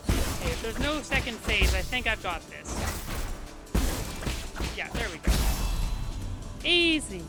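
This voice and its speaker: A woman's voice: medium pitch, lively intonation, unhurried, long pauses, over loud music. A woman streamer chatting casually while playing a game, talking her thoughts aloud. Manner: chatty, self-deprecating, thinking aloud. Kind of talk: casual gameplay commentary.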